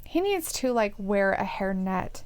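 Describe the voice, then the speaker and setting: Animated, giggly woman chatting about wrestling. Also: mid-range voice, normal speed, clear, resonant tone. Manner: playful, giggly, acts out wrestlers' lines. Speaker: live stream co-host. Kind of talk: casual chat watching wrestling.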